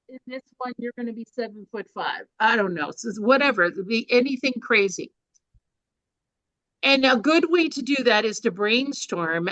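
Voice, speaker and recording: A woman's voice: on the high side, fairly bright tone, no room sound. Older woman running a speaking workshop, chatty and loose, dry dull-ish recording. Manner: chatty, informal, with fillers and restarts. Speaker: workshop presenter.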